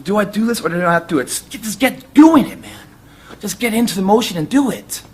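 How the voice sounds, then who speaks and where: A man's voice: high-pitched, expressive, fairly quick, darkish tone, soft background music. A man giving an intense, profane, emphatic fitness motivational talk. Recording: echoey room.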